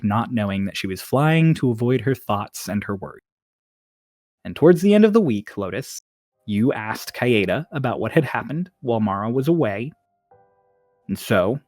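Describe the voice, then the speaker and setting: A man narrating as game master of a tabletop game, relaxed, with casual fillers, over faint music. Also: medium pitch, no room sound. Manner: relaxed, with fillers and light laughs.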